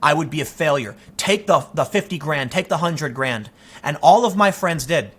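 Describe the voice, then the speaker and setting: A man in his thirties giving a casual opinion monologue as a commentary host, animated and telling stories with quoted asides. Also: a little high, moderate pace, husky.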